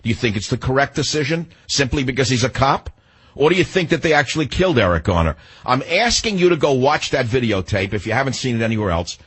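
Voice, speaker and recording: A man's voice: mid-range voice, expressive, fast, fairly bright tone, slightly rough. An older man hosting a talk radio show, delivering an indignant, combative monologue.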